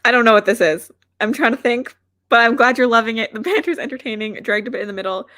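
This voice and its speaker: A woman's voice: fairly high pitch, fast, fairly bright tone, dry recording, studio quality. Chatty woman hosting a reading livestream. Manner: chatty, rambling with frequent "like" fillers; self-deprecating. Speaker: booktuber hosting reading sprints. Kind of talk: casual livestream chat, reading out viewer comments.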